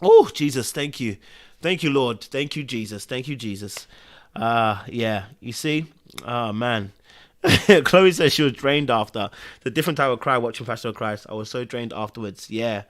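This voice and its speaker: A man's voice: medium pitch, expressive. A man, hosting a casual live-stream podcast chat with viewers. He talks emotionally and repeats phrases for emphasis. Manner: swings between loud exclamations and hushed, drawn-out murmurs. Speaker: podcast host.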